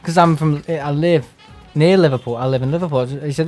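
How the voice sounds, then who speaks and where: During a live gameplay stream, an English man talks loosely, drifting from tangent to tangent and often slipping into sarcastic, mocking impressions of others. His voice is a little high for a man, a little fast and mellow, with faint game music underneath.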